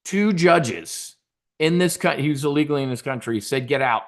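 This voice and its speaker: A man hosting a trading show, delivering a sarcastic, profane political rant with loud bursts of emphasis. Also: fairly high pitch, animated, moderate pace. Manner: combative, sarcastic, swears a lot. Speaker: host of a stock options trading show.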